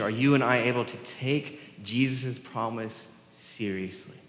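A pastor with a Southern US accent giving a sermon, joking about himself and asking the congregation rhetorical questions. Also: male voice, medium pitch, fairly bright tone. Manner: self-deprecating, joking with the congregation; asks the crowd rhetorical questions. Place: church sanctuary. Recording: echoey church hall with long reverb.

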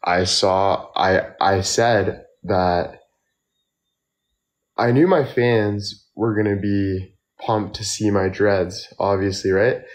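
Slow, tipsy young man livestreaming. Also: on the low side, fairly even intonation. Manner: slow, rambling, lots of fillers. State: tired and tipsy from drinking. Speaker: model and livestreamer. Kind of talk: casual livestream chat. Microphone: phone.

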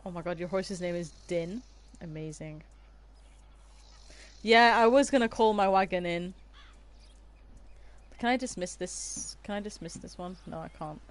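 A woman streaming a game from her room, chatting and giggling with her viewers. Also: lowish voice. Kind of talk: casual livestream chat while playing. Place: her own room at home.

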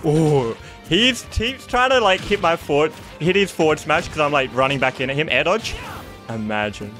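A young man giving excitable live gameplay commentary, laughing often and shouting at big moments. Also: a little high. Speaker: gaming YouTuber.

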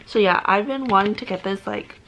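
A young woman vlogging as she unboxes gifts, gushing and excitable, full of "oh my god" and "like". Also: mid-range voice, a little fast, rough recording. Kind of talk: casual unboxing vlog. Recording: clear background noise.

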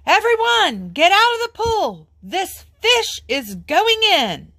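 A woman voicing a group of firemen yelling commands. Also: extremely high pitch, huge pitch swings, slow pace, dry recording, pitched above the performer's own voice, exaggerated voice. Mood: bossy. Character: loud bossy male firemen.

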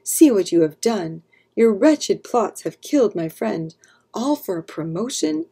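A woman's voice: mid-range voice, big pitch swings, unhurried, creaky, warm tone, slightly rough, heavily acted. A woman doing an earnest outspoken lady's maid. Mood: upset. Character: loyal young adult maid and wife, outspoken.

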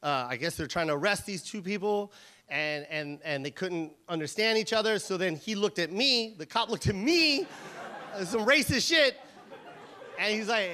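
A man from Los Angeles doing an animated, profane stand-up set. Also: high voice, normal speed. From Los Angeles, USA. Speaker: stand-up comedian. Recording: comedy club mic with crowd noise.

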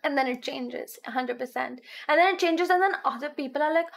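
Young woman from India, Indian English accent that slides toward American, high voice, giggly and slangy, casual stream chat. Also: fairly quick, vocal fry, fairly bright tone. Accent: Indian English, shifting toward American.

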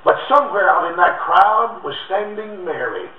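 A man's voice: sits high, animated, moderate pace. A man preaching a fiery revival sermon as an evangelist, with rhythmic, alliterative phrasing that swells and drops. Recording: tinny, echoey, distant old recording.

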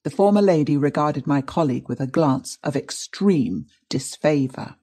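A man narrating a classic detective audiobook. His reading is even and descriptive, with a mellow, slightly husky tone. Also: on the high side, normal speed, few pauses, no echo, clean studio sound. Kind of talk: scripted narration.

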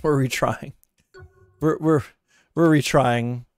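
A man's voice: mid-range voice, steady tone, takes it slowly, no room sound. A man streaming a video game live, ranting and swearing at the game with mounting frustration. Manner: profane, exasperated ranting and yelling. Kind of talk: live gameplay commentary. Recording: game audio noise behind. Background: game gunfire and vehicles.

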